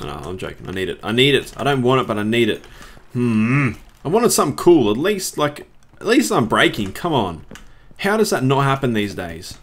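A man's voice: medium pitch, very animated, normal speed, a little hiss or hum. A young man giving casual gameplay commentary as a let's play host, chatting in a rambling way and swearing when frustrated.

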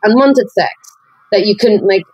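A woman's voice: medium pitch, measured pace, darkish tone, breathy edge, no room sound, rough recording. A woman co-hosting a podcast, talking candidly and reflectively, with many fillers and restarts. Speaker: podcast co-host. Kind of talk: candid conversational chat.

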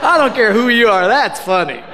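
A man preaching as a pastor, telling a story with animated, self-mocking humor and acting out the dialogue. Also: high voice, brisk, a loud crowd, heavy background noise. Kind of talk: storytelling sermon. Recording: reverberant hall.

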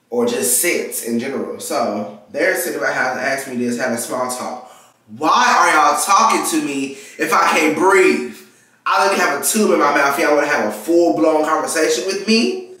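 A man's voice: a little high, moderate pace, pushed and bright, distant mic. A nineteen-year-old man from Texas, telling a casual story time and animatedly acting out the people in his story. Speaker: vlogger. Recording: very echoey room, mic set back.

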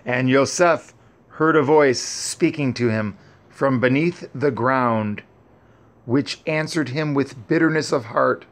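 Slow, solemn male scripture reader. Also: mid-range voice.

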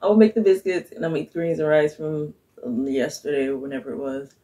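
A woman's voice: sits low, fairly even intonation, a little fast, warm tone, poor audio. A woman chatting casually to her viewers in her home kitchen, rambling as she thinks aloud and chuckling often. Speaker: vlogger. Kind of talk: casual vlog chat to viewers.

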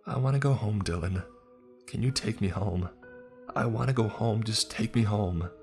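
A man's voice: fairly low pitch, steady tone, extremely slow, gravelly, darkish tone, faint music behind, pitched above the performer's own voice, full character voice. A man voicing the ghost of a lost young man trapped inside someone's head, wailing and begging to go home. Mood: pleading.

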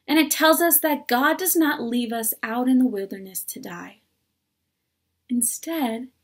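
A woman's voice: high-pitched, slightly rough. A woman preaching a sermon at a church service, conversational and earnest, with playful asides.

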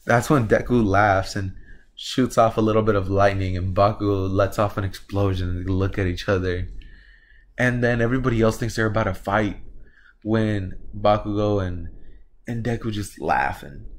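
A young man with a lowish voice rambles through a fan story in a loose, casual way. He keeps leaning on filler words as he goes. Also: fairly even intonation, moderate pace. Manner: rambling, lots of "like" and "you know". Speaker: video creator.

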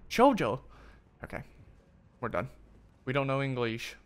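An excitable man commentates his own gameplay, swinging from muttered asides to loud yelps and curses aimed at the game. His voice sits in an ordinary middle pitch, with a faint hiss of background noise under it. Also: normal speed. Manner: excitable, swearing, talks to the game. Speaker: streamer. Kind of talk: gaming commentary.

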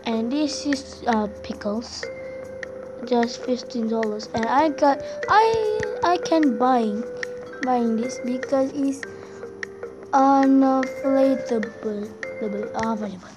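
A woman hosting a gaming video, commenting in a halting, simple way, easily spooked and often calling out to her viewers. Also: sits high. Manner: halting, simple phrasing, often calls out to "guys". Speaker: gaming channel host. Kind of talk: let's-play commentary. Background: game music.

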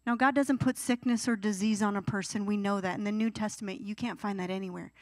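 A young adult woman, a youth pastor, preaches a youth sermon and animatedly acts out whiny teenage pleas along the way. Her voice is medium in pitch and her pace quick, on a dry recording.

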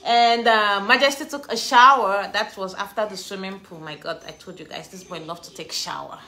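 A woman chatting to her followers in a casual vlog, laughing often and ranting with animated energy. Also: mid-range voice, moderate pace. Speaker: vlogger.

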